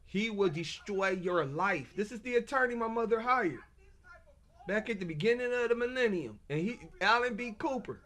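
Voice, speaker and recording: Brief: high-pitched man, agitated stammering monologue rant. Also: animated, normal speed, fairly bright tone. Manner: agitated, stammering, repeats himself. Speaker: self-published author.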